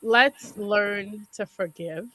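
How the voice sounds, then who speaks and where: A woman's voice: mid-range voice, very slow, sharp tone, poor audio. A woman guest on a talk show giving relationship advice, stressing and repeating her key points. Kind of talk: casual chat.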